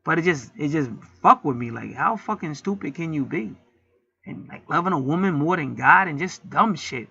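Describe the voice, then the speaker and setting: A man hosts his own channel and rants in a heated, preachy way, full of profanity. His voice is gravelly and sharp-edged, a little higher than most men's. The sound is dry and dull, like a lo-fi home recording. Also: expressive, brisk, dry recording. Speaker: channel host. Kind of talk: casual rant to camera.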